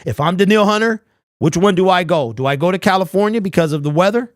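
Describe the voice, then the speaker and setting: Quick and expressive, a young man with a high-pitched voice fronts a live sports talk stream, where he rants without holding back, reads viewers' chat aloud and fires off rhetorical questions. It's recorded in clean studio sound with no room sound.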